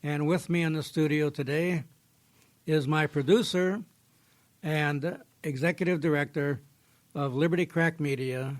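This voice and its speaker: A man hosts a podcast in a studio, with a voice a little higher than most men's. He talks plainly and folksily, easing into a fable the way he would tell it across a table. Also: steady tone, unhurried. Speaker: podcast host. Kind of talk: casual podcast talk with storytelling.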